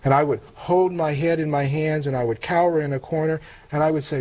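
Older man, slightly high voice, earnest reflective storyteller, halting restarts. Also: steady tone, darkish tone, poor audio. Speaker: interview guest telling a conversion story. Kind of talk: personal testimony in conversation.

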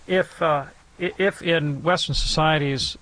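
A man's voice: fairly high pitch, steady tone, unhurried, a bit bright. Thoughtful man in his fifties explaining. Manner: thoughtful, restarts often. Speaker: radio show guest expert. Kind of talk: answering callers on radio.

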